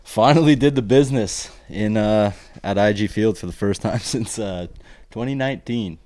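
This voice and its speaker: A young man with a notably deep voice co-hosts a casual podcast. He tells stories in an easygoing, rambling way and breaks into laughter often. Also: moderate pace, a little mellow. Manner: laid-back storytelling, laughs often. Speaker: podcast co-host, pro soccer player.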